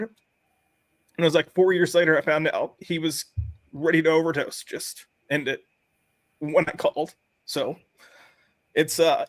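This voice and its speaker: A man's voice: fairly high pitch, dry recording. Earnest man hosting, dry close sound. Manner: earnest, halting storytelling. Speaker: podcast host. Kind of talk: casual panel discussion.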